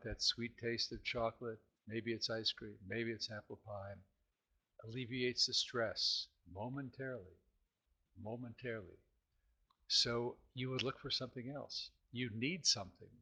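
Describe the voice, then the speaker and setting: A man hosts a self-help podcast, addressing his audience informally while often clearing his throat and asking questions he doesn't expect answered. He speaks in a mid-range voice that is bright and forceful.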